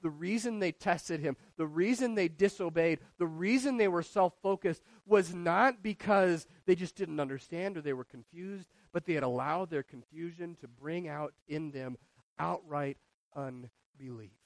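Male pastor, high voice, lively preaching, rises and drops in volume, rhetorical questions. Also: unhurried, dry recording. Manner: animated preaching, shifting between loud and hushed. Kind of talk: sermon.

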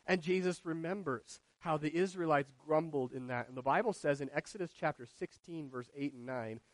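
Male pastor, high voice, lively preaching, rises and drops in volume, rhetorical questions. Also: normal speed, dry recording. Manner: animated preaching, shifting between loud and hushed. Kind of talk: sermon.

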